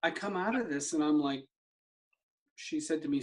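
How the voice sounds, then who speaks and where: A man's voice: on the high side, moderate pace. Man telling a vivid personal story. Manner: vivid storyteller who acts out remembered dialogue. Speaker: somatic therapy practitioner, guest.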